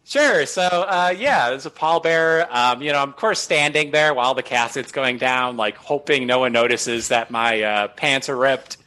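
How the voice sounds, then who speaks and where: A man's voice: medium pitch, moderate pace, few pauses, bright, forceful tone, rough recording. A man, a guest comedian, telling a story casually with lots of "you know" and "uh" fillers.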